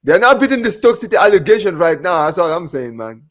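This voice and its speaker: This man's voice is high, sing-song, and a bit bright, moving at a quick pace. He's running a live football watch-along in a relaxed chat style, reading viewers' comments aloud, joking around with co-hosts, and dropping "man" and "bro" constantly.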